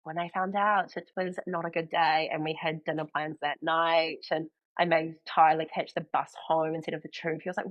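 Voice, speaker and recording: A young woman with a New Zealand accent chats as a podcast guest, her voice sitting a little low for a woman. She tells her story in an animated way and jumps into the voices of people she quotes. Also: normal speed, hardly any pauses, muffled recording. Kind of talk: casual chat.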